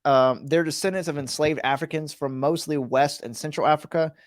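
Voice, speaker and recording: A man co-hosting a casual paranormal podcast, building up a story with dramatic pauses and lots of "you know". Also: fairly high pitch, dry recording, clean studio sound. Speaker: podcast co-host.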